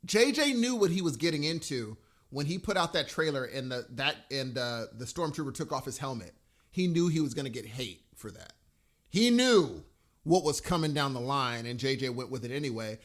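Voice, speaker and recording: A man co-hosting a podcast in casual chat, enthusiastic and animated, often trailing off mid-sentence. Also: medium pitch, normal speed. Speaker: podcast co-host.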